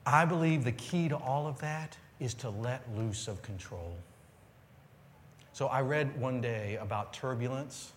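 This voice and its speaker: A male pastor preaching a sermon to a live congregation, telling stories and swinging between loud excitement and quiet earnestness. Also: medium pitch, measured pace, a little hiss or hum. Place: church sanctuary with live congregation.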